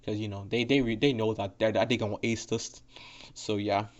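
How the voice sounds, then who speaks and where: A man's voice: on the low side, steady tone, brisk. A man casually retelling a fan story in a rambling, profane way, full of fillers and restarts. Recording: dull lo-fi audio.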